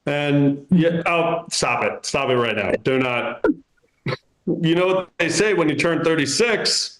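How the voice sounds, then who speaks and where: A man's voice: a little high, lively intonation, unhurried, a bit bright. A man in his thirties performing a stand-up comedy set in a club, with a dry, self-mocking delivery. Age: 30s. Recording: roomy club echo.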